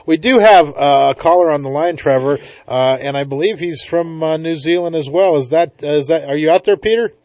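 A man's voice: on the high side, fairly quick, hardly any pauses, a little mellow, no echo. A man hosting a talk radio show, speaking casually with lots of filler sounds. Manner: casual, many filler uhs. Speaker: radio host.

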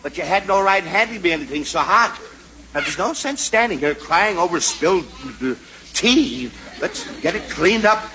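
A weary, exasperated dad. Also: male voice, high voice, animated, normal speed. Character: exasperated middle-aged father craving a nap. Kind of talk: 1940s radio comedy acting. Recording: noisy old radio broadcast.

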